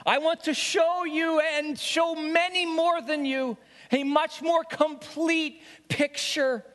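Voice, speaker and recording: God figure, gentle, firm, lifted high, slow, long echo, by a man. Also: fairly even intonation, full character voice. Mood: urgent. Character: God, calm commanding divine voice. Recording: long hall reverb.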